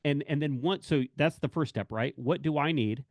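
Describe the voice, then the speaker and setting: A man's voice: a little high, moderate pace, a little mellow, no room sound, studio quality. A man who works in corrections talks candidly about work and family, rambling and correcting himself as he acts out bits of dialogue. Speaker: corrections officer speaking to staff.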